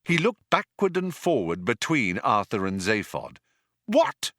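A man's voice: lowish voice, sing-song, normal speed, fairly bright tone, no echo. A man narrating an audiobook in a dry, wry storytelling manner. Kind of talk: scripted narration.

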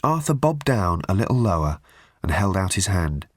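A man narrating an audiobook in a measured, deliberate way with drawn-out pauses. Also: deep voice, sing-song, dry recording, clean studio sound. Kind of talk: scripted narration.

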